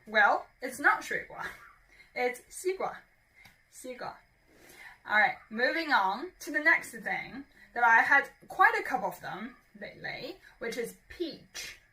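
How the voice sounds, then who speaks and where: Woman, language teacher, fairly high voice, unhurried, repeats words, slightly distant mic. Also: lively intonation, pushed and bright. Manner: patient, repeats words slowly for learners. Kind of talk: beginner language lesson.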